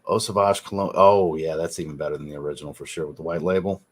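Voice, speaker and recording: Husky-voiced man hosting a casual livestream. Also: rumbling low, quick pace. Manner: thinks aloud, reads and answers viewer chat. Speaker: fragrance livestream host.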